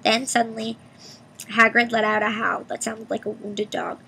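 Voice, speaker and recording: A woman's voice: a little high, moderate pace, creaky, a little hiss or hum, low-quality recording. Woman reading a storybook aloud. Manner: expressive, voicing each character. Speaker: reader. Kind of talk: audiobook reading with character voices.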